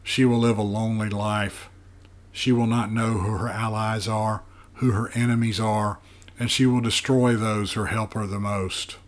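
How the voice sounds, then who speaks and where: A man doing a hoarse, whispering old monster. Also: on the low side, little pitch movement, unhurried, lightly acted. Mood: foreboding. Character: ancient scarred chained male monster, sad and wise. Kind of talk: audiobook character voice.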